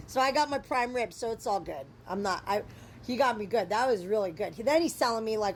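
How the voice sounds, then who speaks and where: A woman's voice: mid-range voice, fast, slight background noise. Chatty young woman. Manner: chatty and rambling, swears freely, animated retelling. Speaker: storyteller vlogger. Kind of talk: casual storytime vlog.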